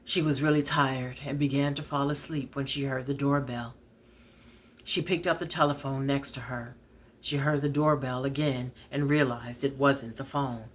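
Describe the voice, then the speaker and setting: A woman reading her own novel aloud in a steady, conversational way. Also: rumbling low, moderate pace, slight background noise. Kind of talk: read-aloud storytelling.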